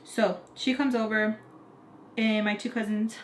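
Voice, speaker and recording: A woman's voice: fairly high pitch, measured pace. A young woman with an American accent from Utah, casually telling a personal story and acting out her family's voices. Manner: animated, acts out quoted voices of family. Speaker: vlogger telling a story time. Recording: echoey room, faint noise.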